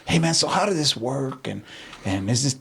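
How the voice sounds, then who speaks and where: A middle-aged man from San Antonio, a podcast guest, telling animated stories in casual chat, acting out quotes and swearing freely. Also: mid-range voice, normal speed, gravelly, slightly rough. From San Antonio, Texas. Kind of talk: casual storytelling.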